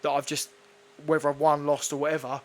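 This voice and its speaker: Fast-talking, sweary man. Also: on the high side. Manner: blunt, sweary, animated storytelling. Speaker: guest kickboxer. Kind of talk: casual interview chat.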